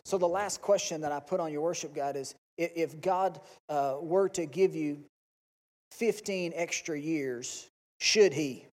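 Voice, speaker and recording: Impassioned preacher in a reverberant sanctuary. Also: male voice, a little high, a little mellow. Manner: impassioned, acts out pleading prayers. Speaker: pastor. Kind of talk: sermon. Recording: long reverb.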